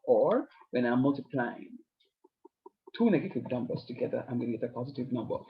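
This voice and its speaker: A man's voice: medium pitch, lively intonation, brisk. A man teaching a math class, explaining each step patiently with playful asides. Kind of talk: online math lesson. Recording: lo-fi online class audio.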